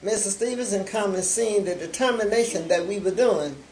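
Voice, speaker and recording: An older woman telling her faith testimony in a room with a noticeable echo. She acts out each remembered exchange, leaning on "I said" and "he said" as she goes. Her pitch sits in a middle range. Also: darkish tone. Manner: storytelling that acts out both sides of remembered conversations; unhurried, with repeated "I said" and "he said". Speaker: charity founder giving testimony. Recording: roomy echo.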